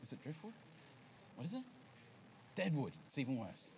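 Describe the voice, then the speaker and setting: At a church service, a pastor preaches a sermon in a relaxed, conversational manner, repeatedly asking his congregation questions as he teaches. His gravelly voice is of middling pitch at a moderate pace, with a faint hiss under the recording.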